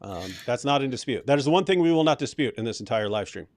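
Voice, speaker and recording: A man's voice: medium pitch, animated, quick pace, no echo. A man hosting a live stream, chatting casually, who mocks and laughs often. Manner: mocking, laughs often, restarts sentences.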